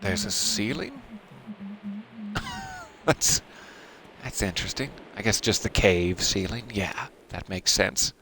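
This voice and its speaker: A low-voiced man hosts a let's play of a narrative game, reading its text aloud in an expressive, up-and-down delivery. He breaks off now and then for dry, self-mocking remarks. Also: slow pace, long pauses, a little hiss or hum, poor audio.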